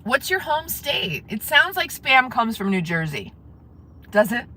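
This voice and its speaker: A woman's voice: a little high, sing-song, a little slow, pushed and bright, slight background noise. A woman live-streaming from her car, chatting casually with viewers and laughing often. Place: in a parked car.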